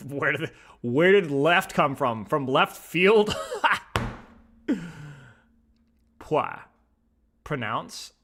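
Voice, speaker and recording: Animated bright-voiced young man streamer. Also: on the high side. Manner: animated, flares into mock-outraged shouting. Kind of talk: casual pronunciation chat.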